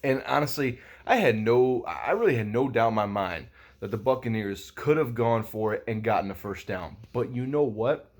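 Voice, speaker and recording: A man's voice: mid-range voice, animated, normal speed. A young man recapping a football game in a rambling, casual vlog, swearing a lot and using many fillers. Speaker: sports vlogger.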